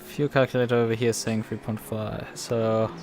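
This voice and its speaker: German guy streaming a race sim, kinda low voice, talks it out and corrects himself, bit of hiss. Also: flat delivery, darkish tone. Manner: thinks aloud, halting, self-correcting. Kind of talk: casual live-stream commentary.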